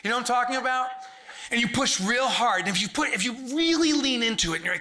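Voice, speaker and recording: A man on stage giving a humorous business keynote, his voice high and sharply bright. His pitch swings widely as he acts out silly bits and shouts the punchlines. He talks to a live room in an animated way. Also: fast talker. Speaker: keynote speaker. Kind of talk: comedic keynote talk. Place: large event hall with live audience.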